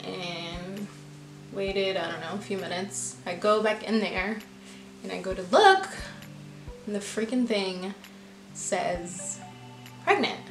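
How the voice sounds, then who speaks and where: A young woman vlogger tells a personal story to the camera in a loose, chatty way, packed with fillers and acting out her own past lines with "I'm like." Her medium-pitched voice moves slowly with frequent pauses, ringing in a roomy, echoey space over faint music.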